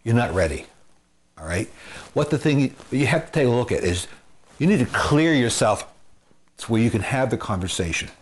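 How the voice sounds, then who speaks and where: A man's voice: mid-range voice, sing-song, moderate pace, pauses often. A man who works as a marriage and family therapist, giving earnest advice to the camera, repeating phrases for emphasis and using everyday comparisons. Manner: gives homespun comparisons.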